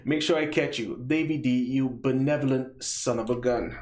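A man streaming a mobile game live, chatting casually and playfully with slang while running giveaways and drawn-out countdowns. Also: medium pitch, darkish tone, reverberant.

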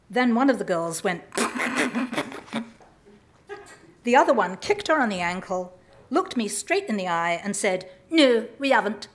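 A woman from England, reading aloud a humorous personal story in a lively, self-mocking way. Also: fairly low pitch. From southern England. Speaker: writer reading her work.

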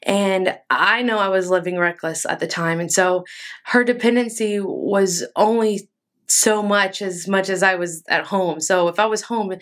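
A woman from Texas leads a relaxed faith talk on her podcast. Her voice sits at an ordinary middle pitch. She speaks earnestly and conversationally, often leaning on fillers as she goes. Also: a little slow. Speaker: podcast host. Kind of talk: casual devotional talk.

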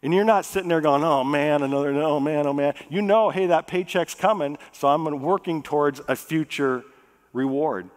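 A man preaching a sermon as pastor. He talks in a relaxed, conversational way, jokes with the congregation, and slows down to read scripture. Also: a little high. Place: church sanctuary. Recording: long reverb of a church hall.

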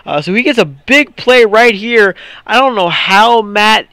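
A young man giving casual, excitable commentary over a football video game, prone to ranting when frustrated. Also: high voice, a little slow, no echo. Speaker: gaming commentator. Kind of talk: gameplay commentary.

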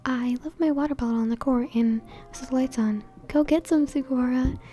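Teasing teenage boy teammate, whispered role-play, high-ish, done by a woman. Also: brisk, mellow, faint music behind, close to an everyday voice.

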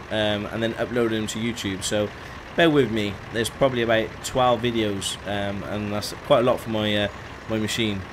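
Casting: young man, casual streamer patter, greets viewers, mid-pitched voice, faint engine hum behind. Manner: chatty, greets chat viewers by name. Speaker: gaming streamer. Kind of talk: casual live-stream commentary.

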